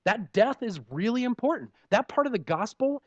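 A man's voice: very high voice, lively intonation, moderate pace, dry recording. A man preaching a conversational sermon, telling candid, self-deprecating stories from daily life and peppering them with "you know". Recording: dull lo-fi dry recording.

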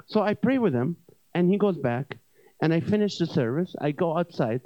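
A male evangelist preaching a comic sermon to a church crowd, telling stories with animated, joking delivery. His voice sits slightly high. The recording sounds dull and very dry. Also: brisk, dry recording. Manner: animated, joking, swings between loud punchlines and quiet asides. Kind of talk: comedic sermon storytelling. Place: church service.

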